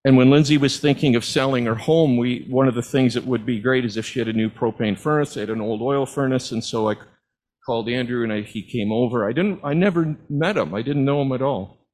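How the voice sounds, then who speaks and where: A man's voice: medium pitch, a little fast, darkish tone, poor audio. A middle-aged man preaching, telling personal stories as testimony in an earnest, heartfelt way. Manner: earnest storytelling, at times moved to tears.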